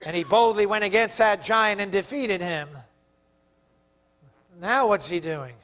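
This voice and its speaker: A man's voice: high-pitched, big pitch swings, unhurried, pushed and bright. A male pastor preaching a sermon in a fervent, emphatic way.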